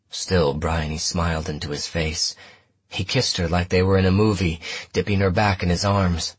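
A man narrating a first-person story in a measured, steady audiobook reading. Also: deep voice, breathy edge, dry recording.

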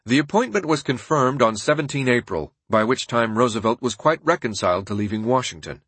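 Husky-voiced man reading a biography. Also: mid-range voice, expressive, a bit bright, no echo. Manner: measured, formal storytelling. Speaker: audiobook narrator. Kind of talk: scripted biography narration.

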